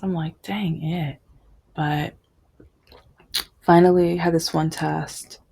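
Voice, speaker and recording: A woman vlogger recounts a personal story in a low, husky voice with some gravel at the edges. She speaks slowly and emotionally. She often stops and restarts her sentences. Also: darkish tone. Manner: halting, many restarts, emotional.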